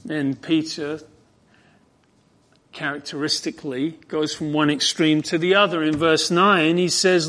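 A man preaching an expository sermon, fervent and emphatic, dropping to hushed tones and rising to ringing emphasis. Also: a little high, little pitch movement, unhurried.

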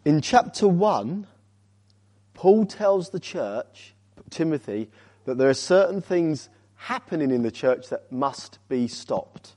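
A man delivers a sermon as a visiting speaker, his voice a little high with lively intonation, and he takes it slowly. He urges his listeners with rhetorical questions, shifting from forceful loudness to quiet gravity.

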